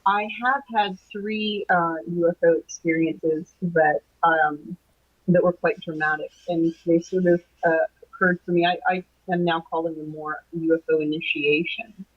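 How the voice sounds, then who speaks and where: A middle-aged woman recounting a strange night in an interview, her voice slightly husky and breathy. She hesitates, fills pauses and restarts her sentences as she goes. The sound is muffled and lo-fi, like a remote call. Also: on the low side, steady tone. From Canada. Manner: hesitant, many restarts and fillers. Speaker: guest, anomalies researcher. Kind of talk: recounting a personal experience in an interview. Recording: dull lo-fi call audio.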